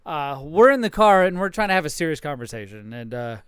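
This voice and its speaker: A man in his thirties, a podcast co-host, telling a rowdy story in casual chat, profane and animated, acting out the voices of the people in it. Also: a little high, fairly quick, clean tone, no echo, clean studio sound. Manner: animated, profane, acts out quoted dialogue.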